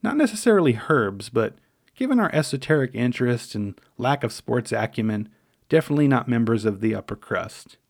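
Middle-aged man, wry memoir narrator, gravelly voice, dry close recording. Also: mid-range voice, very animated, dry recording. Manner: wry, measured, dryly humorous. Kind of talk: memoir storytelling.

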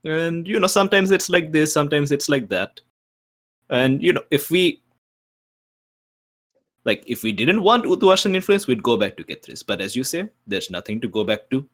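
A man's voice: fairly high pitch, expressive, normal speed, a bit bright. A cheeky young son, played by a man, talks his way around things. He rambles and leans on lots of fillers in a casual, everyday voice. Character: young adult son, smooth-talking and cheeky.

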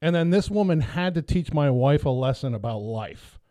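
A man in his thirties tells a story on a podcast with a voice a touch higher than most men's. He talks casually and animatedly and acts out the people in his story. The sound is dry and close. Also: expressive, moderate pace, mellow, no room sound. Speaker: podcast host.

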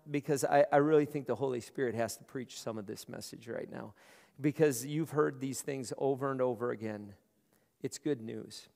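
A man's voice: mid-range voice, a little mellow. A male pastor preaching a conversational sermon, often repeating words as he starts his phrases. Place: large room. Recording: long hall reverb.

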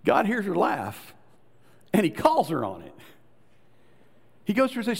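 A man preaching a sermon, telling a story with lively voices for the people in it and sinking to soft, low tones to make a point. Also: normal speed, gravelly, slightly rough. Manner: animated storytelling, acting out quoted voices, dropping to soft low tones for emphasis. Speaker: pastor. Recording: long reverb of a large hall.

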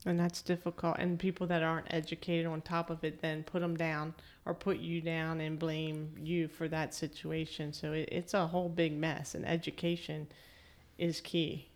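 Middle aged woman, even flat delivery, talks plain and sincere. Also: deep voice, normal speed. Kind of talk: casual conversation.

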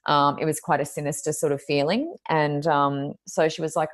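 A woman's voice: sits low, fairly even intonation, fairly quick, few pauses. A woman, a medium guesting on a podcast, telling stories in a chatty, rambling way full of ums and likes. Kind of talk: conversational storytelling.

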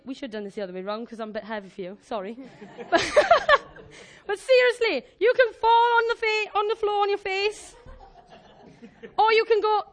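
A woman preaches to her congregation in a lively, jokey way, acting out her points with props and volunteers. Her voice sits very high, bright and animated throughout. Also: a little fast. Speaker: church speaker. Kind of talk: informal sermon with live demonstration.

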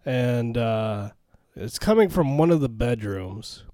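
A man's voice: medium pitch, takes it slowly, dry recording, studio quality. A man co-hosting a podcast, retelling a movie plot in casual chat, laughing and swearing often. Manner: laughing, profane, animated retelling. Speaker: podcast co-host.

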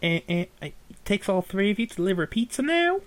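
A man's voice: sits high, sing-song, fast, voice pushed up. A man doing a bored, officious elf receptionist. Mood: dismissive. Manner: curt, dismissive, mock-polite.

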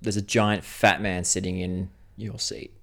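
A man's voice: sits low, level tone, a little slow, vocal fry, fairly bright tone. A man hosting a podcast, loosely narrating a role-play story with lots of fillers. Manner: loose, rambling, lots of likes and laughs. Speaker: podcast co-host running the story.

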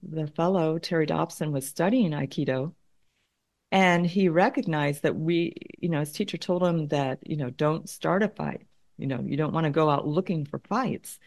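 A woman's voice: deep voice, creaky. A middle-aged woman, a conflict consultant, telling a story in an interview; thoughtful, often repeating words as she works out her point.

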